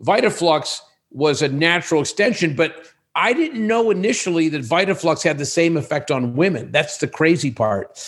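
A man's voice: on the high side, normal speed. A man in his sixties, a podcast guest, chatting casually and acting out the voices of people in his stories. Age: 60s. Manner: animated storyteller who acts out quoted dialogue. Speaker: guest, sexual wellness business owner.

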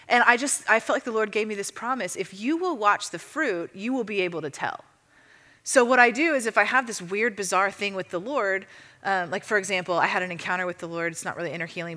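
A woman teaching a church audience in a casual, chatty way, full of fillers and lively storytelling. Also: mid-range voice. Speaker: ministry teacher. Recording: long reverb of a hall.

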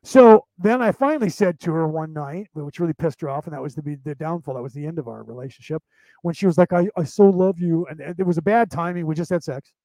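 A middle-aged man tells a long personal story on his podcast, rambling and swearing, often restarting his sentences. His voice sits high for a man yet has a mellow, relaxed timbre. The sound is dry and close, with no room echo. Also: quick pace. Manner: rambling, profane, with many restarts. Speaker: podcast host. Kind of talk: casual storytelling monologue.

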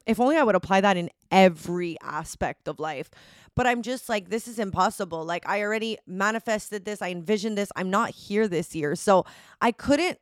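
Chatty young woman with a smooth voice. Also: mid-range voice, dry recording, studio quality. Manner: chatty, dramatic, swears freely, laughs often. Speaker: podcast host. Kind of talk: casual solo podcast storytelling.

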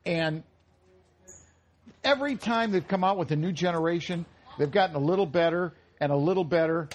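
A man with a fairly high voice and moderate pace co-hosts a live radio cooking show remotely from a retail store. His casual banter is jokey and rambling, punctuated by the odd cough.

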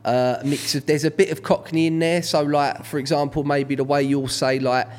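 A man's voice: fairly high pitch, level tone, normal speed. A man, hosting a casual podcast chat, talking in a rambling way with lots of fillers and restarts. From England. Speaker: podcast host.

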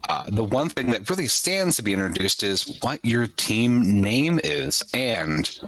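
A man leads a tabletop game as game master, unhurried and easygoing as he paints the scene. His pitch rises and falls freely, and he leans on casual fillers. The sound is dry and close. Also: no room sound, rough recording. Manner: relaxed, chatty scene-setting with frequent fillers.

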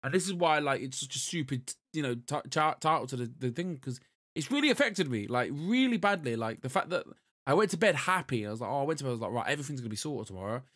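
A man's voice: fairly high pitch, lively intonation, quick pace, fairly bright tone, no room sound, clean studio sound. A man co-hosting a podcast, rambling and swearing in casual chat. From Britain. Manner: rambling, self-interrupting, swears freely. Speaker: podcast co-host.

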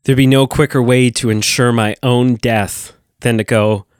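A man's voice: medium pitch, fairly even intonation, a little slow, clean tone, no room sound, studio quality. A man co-hosting a podcast, talking in an enthusiastic, rambling way with many restarts. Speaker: podcast co-host. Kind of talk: casual chat.

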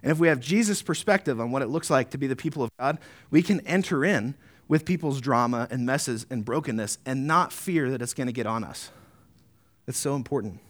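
A man preaching a sermon as pastor, earnest, often adding tag questions, slowing down to read deliberately. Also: medium pitch, lively intonation. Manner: earnest, rising to emphatic peaks, slowing to deliberate reading.

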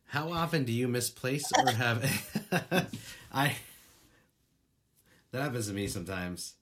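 A man's voice: medium pitch, sing-song, unhurried, a bit bright, slight background noise. A man co-hosting a podcast in casual chat, rambling through stories, laughing and swearing as he goes. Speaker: podcast co-host.

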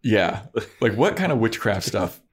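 A man's voice: measured pace, breathy edge. A man in casual chat, recapping a TV episode and acting out the characters as he retells it. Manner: animated retelling, voicing characters with pitch jumps. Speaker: podcast co-host recapping a TV episode.

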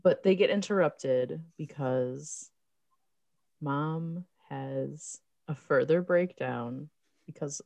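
A woman's voice: low voice, slow, vocal fry, darkish tone, no room sound. Giggly woman co-host mocking movie dialogue. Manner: laughs often, mocking the dialogue. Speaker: podcast co-host. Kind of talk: casual chat recapping a movie.

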